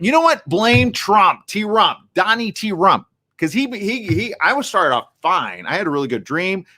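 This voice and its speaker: Male morning host, animated and excitable, riffs hard, reads out chat comments. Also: sits high, brisk, hardly any pauses. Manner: reads viewer comments aloud. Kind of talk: live streamed talk show chat.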